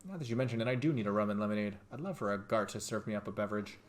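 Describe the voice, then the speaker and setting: A man with a lowish voice hosts a game playthrough, talking rapid-fire in a casual way and poking fun at himself while reading the game text aloud.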